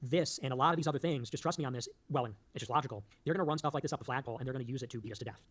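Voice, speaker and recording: A man's voice: mid-range voice, very fast. A man hosting a political show, delivering a rambling, emphatic monologue that loses its thread and cracks jokes along the way. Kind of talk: fast-talking political monologue.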